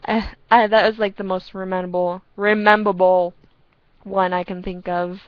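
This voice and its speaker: Rambling, excitable young woman on a headset. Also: medium pitch, moderate pace, no echo, dull audio. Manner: rambling, excitable, laughs at own stories. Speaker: storyteller chatting with a friend. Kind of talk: casual storytelling chat. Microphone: earpiece headset.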